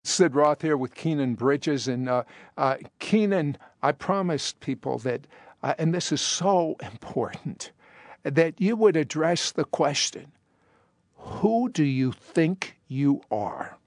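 An older man hosting a Christian talk show, pitching a product in an enthusiastic, persuasive way. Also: animated, slow pace, no room sound, studio quality.

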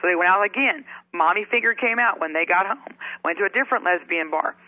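A middle-aged woman tells personal stories as an interview guest, animated and lively. Her voice sounds thin and tinny, like a phone line. The sound is dry, with no room echo. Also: fairly low pitch, fast talker. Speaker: author and guest. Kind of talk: interview storytelling.

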